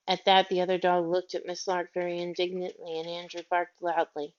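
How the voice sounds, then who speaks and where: A woman narrating a children's story aloud in a gentle, measured reading. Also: lowish voice, monotone. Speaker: audiobook reader. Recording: dull lo-fi audio.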